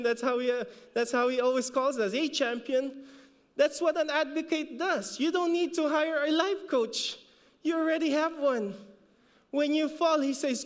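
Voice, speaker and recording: A man's voice: extremely high pitch, steady tone, moderate pace, big-room sound. A man with a Filipino accent preaching a sermon as a pastor, repeating words for emphasis and rising when he exhorts. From Philippines.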